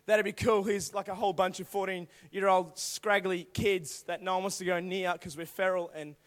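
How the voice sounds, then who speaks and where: A young man preaching to a youth group through animated personal stories, acting out voices and now and then bursting into shouts. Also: high-pitched, normal speed. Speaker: youth speaker. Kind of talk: storytelling youth sermon.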